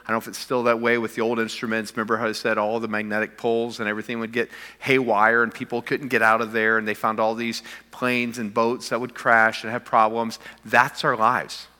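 Bright-voiced preacher man in a big hall. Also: medium pitch, a little fast, few pauses. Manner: animated preaching that climbs to emphatic peaks and drops to quiet intensity. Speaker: pastor. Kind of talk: sermon. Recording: long reverb of a large hall.

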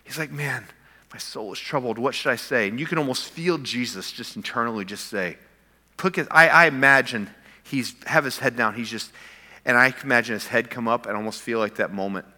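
A male pastor preaching a sermon, building to emphatic peaks and sinking to quiet, intense stretches. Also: medium pitch, brisk. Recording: long reverb of a large hall.

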